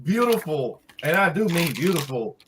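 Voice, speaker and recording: A man's voice: on the high side, very animated, moderate pace, noisy background. A man co-hosting a wrestling review livestream, joking and stumbling over restarts. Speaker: wrestling review show co-host. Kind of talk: livestream chat.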